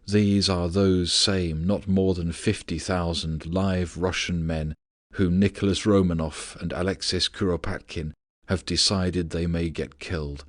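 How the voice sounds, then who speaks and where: A man narrating a philosophical audiobook in a measured, steady reading voice. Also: low-pitched, no room sound, clean studio sound.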